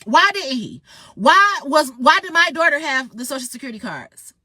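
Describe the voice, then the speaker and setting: A woman's voice: high-pitched, lively intonation, normal speed, sharp tone, no room sound. Furious woman. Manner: heated, profane, confrontational ranting. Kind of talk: angry monologue vlog.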